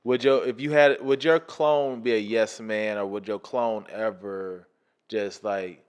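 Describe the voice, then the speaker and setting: A man hosting a podcast in casual chat, chiming in often with quick agreement. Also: fairly low pitch, fairly even intonation, clean tone. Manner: eager interjections, many quick "yeah"s. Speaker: podcast host.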